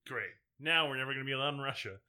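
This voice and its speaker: A man's voice: medium pitch, rapid-fire, bright, forceful tone, clean tone. A man co-hosting a podcast in casual chat, laughing often and making dry quips. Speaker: podcast co-host.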